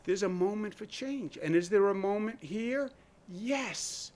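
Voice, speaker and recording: A man's voice: high-pitched, lively intonation, unhurried, a little mellow. A man speaking as a state governor in a public briefing, blunt and emphatic, driving his points home with rhetorical questions. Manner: blunt, conversational.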